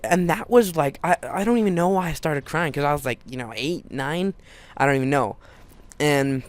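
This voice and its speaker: A man's voice: on the high side, brisk, no echo. A teenage boy telling a personal story in a casual, rambling way, full of restarts and fillers.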